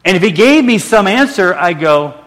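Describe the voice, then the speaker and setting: A man's voice: high-pitched, big pitch swings, normal speed, fairly bright tone. A middle-aged male pastor preaching a sermon in a church, earnest and conversational, with restarts and self-deprecating asides. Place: church sanctuary. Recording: long reverb of a large hall.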